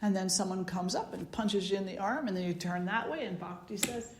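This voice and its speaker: A woman spiritual teacher giving a slow, meditative talk, repeating phrases for emphasis. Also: mid-range voice, echoey room.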